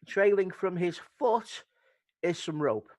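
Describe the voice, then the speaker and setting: A man narrating a tabletop game as game master, describing scenes in a relaxed way. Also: high-pitched, slow pace.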